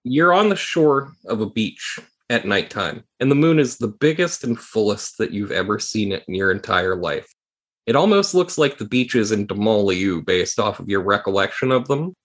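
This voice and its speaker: A man narrating a tabletop game as game master, describing scenes calmly. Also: fairly low pitch, normal speed.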